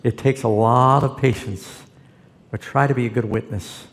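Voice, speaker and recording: A man's voice: mid-range voice, fairly even intonation, moderate pace, in a large hall. A man, a pastor, answering Bible questions in a folksy, storytelling way. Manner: folksy storytelling, quotes scripture. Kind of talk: conversational Bible Q&A.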